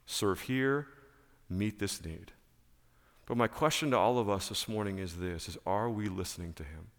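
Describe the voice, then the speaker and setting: A male pastor preaching a sermon in church, emphatic and animated, repeating key phrases. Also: fairly low pitch, long reverb tail.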